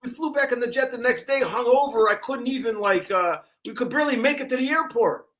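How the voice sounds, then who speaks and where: A man's voice: very high-pitched, a little fast, a bit bright. An older man co-hosting a casual talk show, sick, reminiscing and chiming in with short agreements. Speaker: co-host. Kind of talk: casual storytelling chat.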